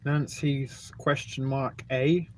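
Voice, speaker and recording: A man's voice: medium pitch, little pitch movement, slow, darkish tone, slight background noise. Rambling English man hosting a livestream. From England. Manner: rambling and jokey, with many ums, eating and burping between remarks. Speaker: livestream host. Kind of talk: casual live-stream chat reading viewer comments.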